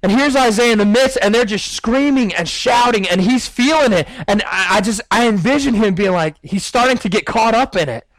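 A man's voice: high-pitched, a little fast, few pauses, no room sound, rough recording. A male guest preacher giving a sermon, telling a story vividly and acting out the scenes.

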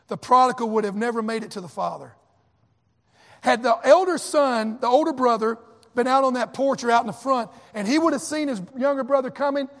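High-voiced preacher in a reverberant hall. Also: male voice. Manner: preaching with emphatic repetition. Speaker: pastor. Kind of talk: sermon.

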